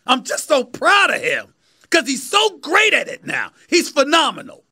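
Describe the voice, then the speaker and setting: A New man in his fifties holding forth as a sports talk host, his voice pitched unusually high and ringing bright and forceful. He preaches his points emphatically, hammering them home by repeating phrases. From New York City. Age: 50s. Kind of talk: sports commentary monologue.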